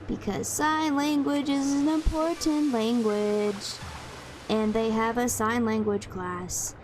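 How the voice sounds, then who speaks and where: A young woman streaming a game and chatting casually, rambling and playful with a sing-song lilt. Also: on the high side. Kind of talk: casual chat while gaming. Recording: loud game music behind.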